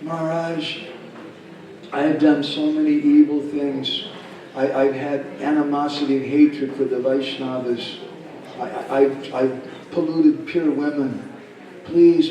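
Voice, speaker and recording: A man's voice: a little high, fairly even intonation, unhurried, mellow, heavy reverb, distant mic, natural voice, poor audio. A man voicing a remorseful male businessman who begs forgiveness in a subdued, pleading voice, within a told story.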